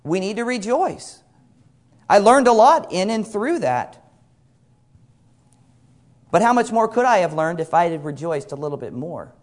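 A man's voice: sits high, big pitch swings, unhurried, long pauses. A middle-aged man preaching a sermon, earnest and repeating phrases for emphasis while quoting scripture at length. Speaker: pastor.

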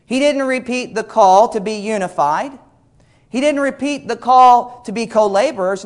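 Man, high voice, middle-aged, earnest preacher, repeats lines for emphasis. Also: moderate pace. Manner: earnest, repeats phrases for emphasis, quotes scripture at length. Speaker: pastor. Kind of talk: sermon.

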